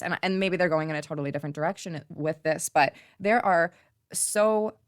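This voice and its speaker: A woman vlogging about upcoming movies in a casual, gushing and animated way, with sarcastic asides. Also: deep voice, no echo, studio quality. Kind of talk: casual chat.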